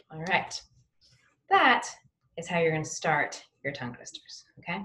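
A woman teaching artist leading a home lesson, lively and encouraging as she demonstrates each exercise. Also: on the low side, unhurried. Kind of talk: guided lesson for kids at home.

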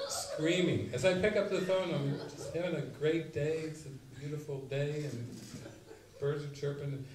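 A man giving a spiritual retreat talk, telling stories and acting out quotes with sudden loud bursts. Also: fairly high pitch, measured pace, a crowd in the background. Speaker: spiritual teacher. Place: retreat meeting room. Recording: roomy, mic at a distance, faint noise.

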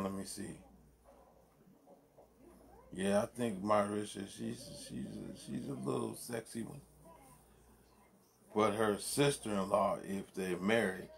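Gravelly-voiced man in loose chat. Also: on the low side, a bit bright, slight background noise. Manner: loose, profane, laughs often. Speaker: vlogger. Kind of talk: casual rambling commentary. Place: home man cave.

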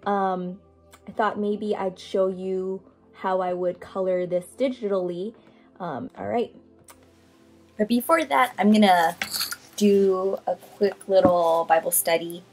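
A woman's voice: mid-range voice, steady tone, takes it slowly, a little mellow, faint music behind, rough recording. A woman vlogger chatting casually with lots of ums, then reading a Bible chapter aloud. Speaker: art vlogger. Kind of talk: casual chat and scripture reading.

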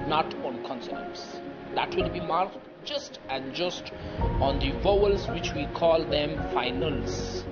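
A man teaching a recorded language lecture, explaining step by step in a deliberate, repetitive way with many pauses. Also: fairly high pitch. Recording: dull lo-fi audio with loud music.

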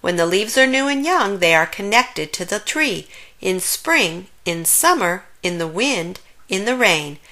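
A gentle storybook mother bear explains nature to her cub in a soft, patient, slow voice, as a woman reads her aloud. Her tone is bright and clear. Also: mid-range voice, sing-song, full character voice. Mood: explaining.

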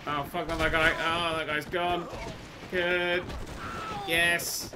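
A man talks over his gameplay in a fairly high voice, cursing and suddenly shouting when things go wrong. Gunshots and game sounds come through clearly under his voice. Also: takes it slowly. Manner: excitable, sweary, jumps to shouting. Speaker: let's play host. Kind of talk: gameplay commentary. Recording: game noise behind the voice. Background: gunfire and game sounds.

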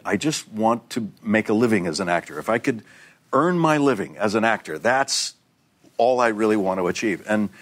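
A man in his sixties, a guest on a TV talk show, telling anecdotes in an animated way. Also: lowish voice. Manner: animated anecdotes, acts out quoted voices. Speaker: guest actor. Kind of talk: storytelling in a talk show interview.

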